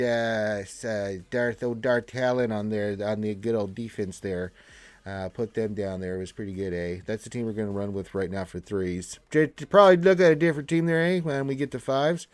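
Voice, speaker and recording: A man's voice: mid-range voice, dry recording. A man hosting a live game stream, congested from allergies, chatting in a laid-back, rambling way as he reads viewer comments.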